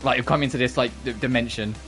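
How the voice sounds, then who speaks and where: A woman's voice: very deep voice, steady tone, fast, faint music behind. A woman streamer giving casual, chatty gameplay commentary and swearing freely.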